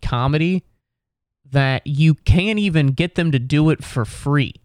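On his solo podcast in New York City, a young Ohio man from Cincinnati rambles sardonically at a measured pace, now and then putting on mocking voices. His voice is a little high yet darkish in tone, recorded at studio quality without room sound.

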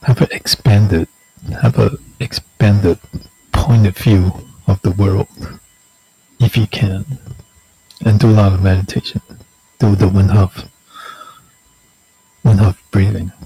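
Low husky guy from north america signing off slow and rambly, kinda sarcastic, dry sound. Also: fairly even intonation, warm tone, no room sound, rough recording. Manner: slow, meandering, self-mocking, sarcastic. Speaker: weekly video host. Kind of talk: rambling casual sign-off.

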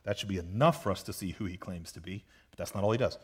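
A man preaching an expository sermon as pastor, emphatic and repetitive, asking rhetorical questions and swinging between loud and hushed. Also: sits low, quick pace, slightly rough. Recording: long reverb of a large hall.

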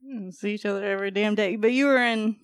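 A woman's voice: medium pitch, fast, clean tone, no echo. A woman from Indiana co-hosting a podcast, bantering and teasing with a laugh and some cursing. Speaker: podcast co-host. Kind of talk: casual chat.

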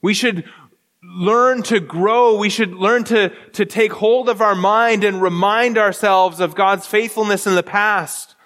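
A male pastor preaching with earnest, repetitive phrasing and many restarts. His voice sits high for a man. It rings with the long reverb of a large hall. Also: steady tone, measured pace, a bit bright. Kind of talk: sermon.

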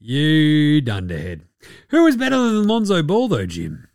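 An Australian man hosts a sports podcast in a loose, mocking rant and swears freely. His voice sits fairly high and swings widely in pitch. The sound is close and dry, with no room around it. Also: huge pitch swings, fairly quick, darkish tone, dry recording, faint music behind.

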